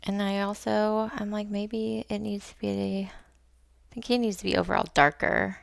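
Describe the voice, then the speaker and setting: A woman's voice: medium pitch, fairly even intonation, a little slow, creaky, no echo, studio quality. A young woman chatting casually to herself and her viewers while painting on a livestream, rambling and swearing, often dropping into a whisper. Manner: rambling, self-talk, swears, drops to whispers. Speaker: streamer painting live.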